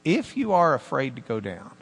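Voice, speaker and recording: A man preaching a sermon as pastor, animated, with swings between loud emphasis and hushed asides. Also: medium pitch, normal speed, creaky, husky, in a large hall.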